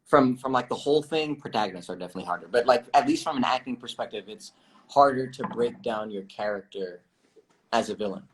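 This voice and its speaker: Young male actor, relaxed livestream chat, giggly, filler-heavy, mid pitch. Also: fast talker. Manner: relaxed, laughs often, many fillers and restarts. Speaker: actor guest. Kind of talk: casual livestream interview.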